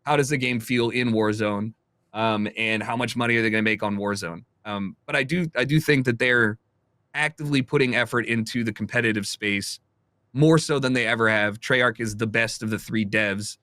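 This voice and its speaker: A man's voice: on the low side, moderate pace, pushed and bright, dry recording. A young adult man, a streamer, talking candidly and opinionatedly in a casual podcast chat. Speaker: streamer guest.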